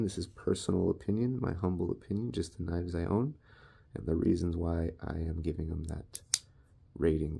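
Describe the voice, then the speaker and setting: A man with a deep, gravelly voice talks through his knife collection in a relaxed, wandering way, poking fun at himself as he goes. His tone is dark and mellow, and faint noise sits under the recording. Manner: laid-back, rambling, self-deprecating. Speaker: knife reviewer. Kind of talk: casual product review.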